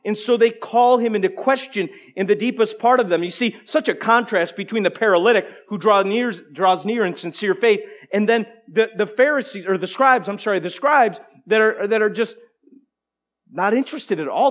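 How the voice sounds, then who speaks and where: A man preaching a sermon, moving between emphatic declarations and hushed, conversational asides to the congregation. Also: high voice, expressive, moderate pace. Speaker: pastor.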